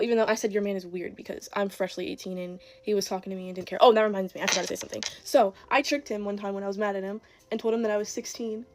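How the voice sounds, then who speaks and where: A woman's voice: mid-range voice, darkish tone. An eighteen-year-old woman telling a casual, exasperated storytime, quoting people in her own voice.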